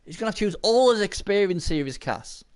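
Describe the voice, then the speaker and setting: A high-pitched man commentating a video game match live, his voice leaping all over the place. He chats casually, swears now and then and breaks into excited shouts when the action turns. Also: fast. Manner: excitable, bursts into shouting at big plays.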